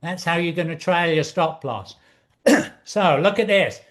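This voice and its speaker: Excitable high-voiced man teaching trading. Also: measured pace. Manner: excitable, repetitive, showman-like. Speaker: trading instructor. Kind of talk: screen-share trading walkthrough.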